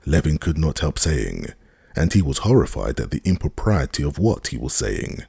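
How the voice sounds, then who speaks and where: A man reading an audiobook as narrator, with measured storytelling into a close studio mic. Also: extremely low pitch, big pitch swings, gravelly, mellow, slightly rough.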